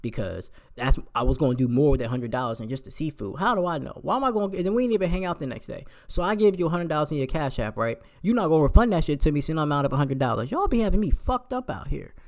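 A man's voice: on the high side, lively intonation, quick pace, few pauses, a little mellow. A young man in a heated, profane casual rant, firing off rhetorical questions.

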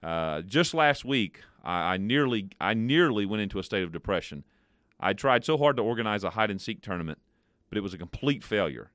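Man telling jokes on a show, low, animated voice, bright and clear tone, dry close recording. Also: fairly quick, dry recording. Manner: playful, animated joke-telling. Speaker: co-host. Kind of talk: casual chat, telling jokes.

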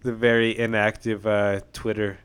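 A man's voice: on the low side, little pitch movement, moderate pace, fairly bright tone, smooth. A young man co-hosting a casual podcast, dry and hesitant, with many fillers. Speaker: podcast co-host. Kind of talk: casual chat.

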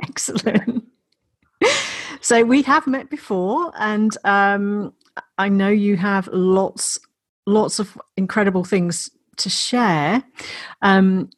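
Husky woman host asking questions. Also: mid-range voice, slow, no room sound, studio quality. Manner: thoughtful, searching for words. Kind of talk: interview question.

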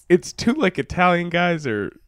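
A man telling a story on a casual podcast, animated and acting out the quotes. His voice is fairly high and swings widely in pitch, and the room is dry. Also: takes it slowly, dry recording. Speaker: podcast co-host. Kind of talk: casual chat, retelling a TV scene.

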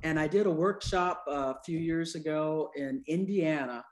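A woman in her sixties, an anesthesiologist and speaker, telling stories in an interview with humor and lively quoted voices. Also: low-pitched, a little slow. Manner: lively, acts out quoted people with voice changes; humorous, conversational. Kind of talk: storytelling in an interview.

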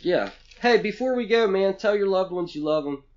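A man's voice: sits high, lively intonation, moderate pace, darkish tone, dull audio. A man co-hosting a casual podcast chat, blunt and profane, rambling from one thought to the next. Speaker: podcast co-host.

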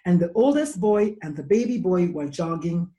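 A woman's voice: lowish voice, expressive, mellow, dull audio. A woman speaking passionately and indignantly as a guest in a casual interview. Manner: passionate, indignant, rapid questions.

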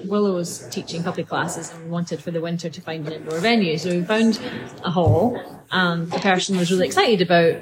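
A woman with a lowish voice talks through dog behaviour in an easygoing podcast chat, often pausing on ums. Loud café chatter surrounds her. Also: poor audio. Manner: thoughtful, pauses with ums. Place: busy coffee shop. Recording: crowd noise in a café. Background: café crowd chatter.

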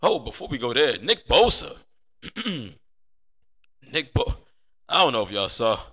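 A man's voice: medium pitch, huge pitch swings, unhurried, vocal fry, pushed and bright, breathy edge. A man hosting a sports podcast, talking casually and with energy, often repeating himself for emphasis. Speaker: podcast host.

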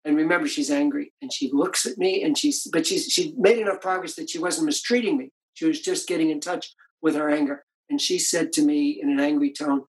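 A man's voice: on the high side, fairly even intonation, brisk, hardly any pauses, poor audio. Older man, author guest, reflective storyteller, conversational interview. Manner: reflective, tells anecdotes with many restarts.

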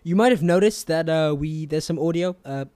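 A man's voice: a little high, brisk, darkish tone, dry recording. A man giving casual podcast announcements, rambling with many fillers and poking fun at himself. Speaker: podcast player making announcements.

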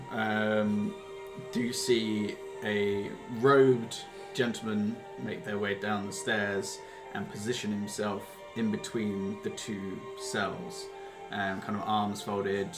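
A man's voice: fairly low pitch, steady tone, very slow. A man narrating as game master of a tabletop game, hesitant and rambling with many ums and uhs. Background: background music.

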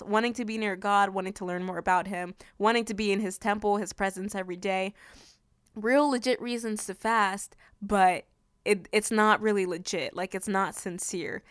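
A woman hosting a casual Bible teaching, animated and often laughing as she acts out her own frustration. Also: medium pitch, clear, resonant tone, dry recording, clean studio sound. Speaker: Christian video host.

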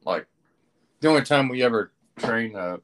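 A man talking casually as a podcast guest, laid-back and halting. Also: mid-range voice, animated, fairly bright tone. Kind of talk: casual chat.

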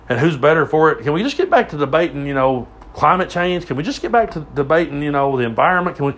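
A man in his forties with a Southern US accent, hosting a podcast and mixing a political rant with rambling, profane stories. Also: high-pitched. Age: 40s. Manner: profane, emphatic, rambling with restarts. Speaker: podcast host.

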